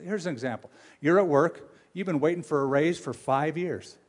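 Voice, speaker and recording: A male pastor preaching a sermon, with animated, humorous storytelling and questions for his audience. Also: fairly high pitch, moderate pace.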